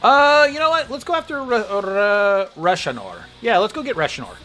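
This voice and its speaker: Male streamer, casual and rowdy; bright, lively, high voice. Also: moderate pace. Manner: animated, swears, laughs often, breaks into loud outbursts. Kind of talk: casual gaming stream chat.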